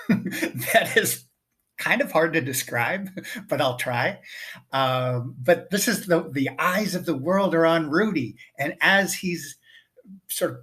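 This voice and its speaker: A man hosting a solo commentary video, speaking with slow, drawn-out phrasing and dramatic pauses. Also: on the high side, fairly bright tone. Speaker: host.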